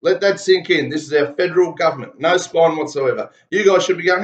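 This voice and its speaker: A man's voice: fairly high pitch, fairly quick, few pauses. A man with an Australian accent delivering heated, blunt and profane political commentary. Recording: roomy, dull lo-fi sound.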